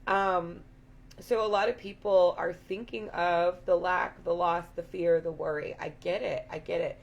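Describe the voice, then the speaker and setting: A woman with a raspy voice giving an earnest, affirming spiritual talk to her viewers, repeating her points. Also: on the low side, fairly even intonation, measured pace, muffled recording. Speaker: spiritual live-stream host.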